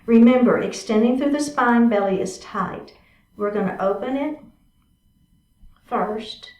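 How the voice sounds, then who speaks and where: A woman guides a chair yoga class in a fairly high voice, calling out each move and asking how it feels. She stands a little away from the mic, and the room echoes around her. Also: measured pace, darkish tone. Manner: encouraging, cueing moves step by step with frequent check-ins. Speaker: yoga instructor. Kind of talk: guided exercise class instruction. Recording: roomy sound from a distant mic.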